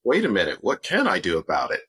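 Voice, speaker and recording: A man who is a motivational speaker, guesting on a podcast and giving upbeat, measured coaching advice. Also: low-pitched, huge pitch swings, a bit bright, breathy edge, dry recording. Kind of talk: interview answers, coaching advice.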